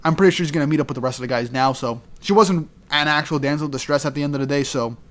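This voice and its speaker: A man's voice: on the high side, a bit bright. Enthusiastic man recapping a chapter. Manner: casual, enthusiastic, quick voice-acting of quoted lines. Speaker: manga reaction YouTuber.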